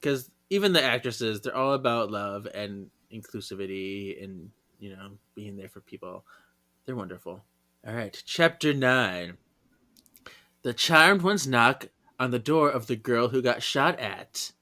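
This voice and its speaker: Animated bright-voiced male co-host. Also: mid-range voice, measured pace. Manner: animated, acts out characters with big shouts and laughs. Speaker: podcast co-host. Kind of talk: casual chat recapping a book.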